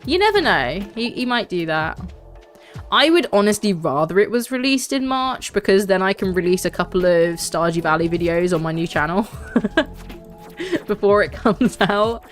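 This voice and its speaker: A woman's voice: medium pitch, expressive, normal speed, faint music behind. A young woman, streaming a game and chatting casually in a rambling way, full of fillers. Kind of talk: casual gaming stream chat.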